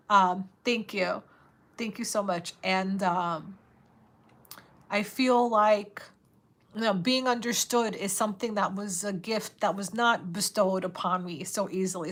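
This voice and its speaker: A woman in her thirties hosting a live stream, chatting casually, full of "like" fillers and laughter, reading viewer comments, her voice getting a bit raspy. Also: medium pitch, a bit bright.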